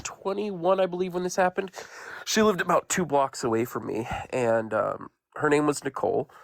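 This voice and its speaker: A man with a gravelly, creaky voice tells a ghost story as a guest on a live stream. He talks in a loose, rambling, conversational way. The sound is dry and close. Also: medium pitch, no echo. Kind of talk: casual spoken ghost story.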